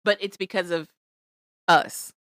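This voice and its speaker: A woman's voice: lowish voice, unhurried, no echo, studio quality. A woman co-hosting a podcast, recapping reality shows in casual chat and acting out what people said with playful voices. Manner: animated, acts out quotes with playful voices. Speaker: podcast co-host.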